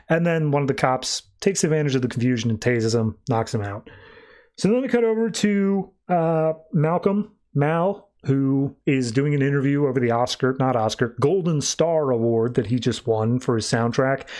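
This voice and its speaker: A man's voice: medium pitch, lively intonation, moderate pace, darkish tone. A young man hosting a podcast, recapping comics casually and slipping into quoted voices. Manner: laid-back, lots of "like" and quoted voices. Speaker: podcast host.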